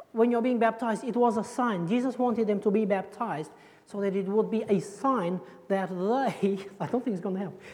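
In an echoey church hall, a woman with a fairly high, slightly mellow voice leads a playful children's sermon. As the preacher of this children's talk, she jokes around and quizzes her young audience.

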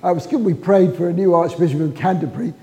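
A man preaching in a church, his voice raised high for a man and mellow in tone. He tells the story at an unhurried pace and acts out the quoted dialogue. His words ring with a long reverb through the hall. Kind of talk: sermon.

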